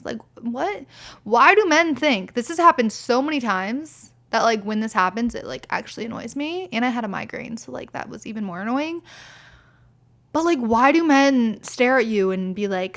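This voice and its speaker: A young woman hosts a casual podcast, telling stories in a blunt, exasperated tone and swearing freely. Her voice sits a bit high, with a gravelly fry running through it. She says "like" constantly. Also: animated, normal speed, fairly bright tone. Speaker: podcast host. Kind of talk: casual storytelling monologue.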